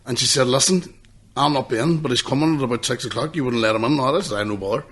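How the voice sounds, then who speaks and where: A man, co-hosting a podcast, swearing and telling stories excitedly. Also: medium pitch, fast talker, breathy edge. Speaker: podcast co-host. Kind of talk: casual chat.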